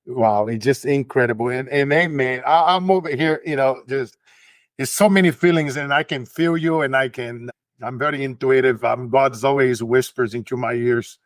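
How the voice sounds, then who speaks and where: A man's voice: mid-range voice, normal speed, no room sound. Preachy male host rallying listeners. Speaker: host and motivational speaker. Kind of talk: motivational podcast hosting.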